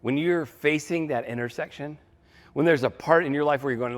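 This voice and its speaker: A man's voice: fairly high pitch, a little fast. A male pastor preaching a sermon in a conversational, emphatic style, repeating key phrases for effect.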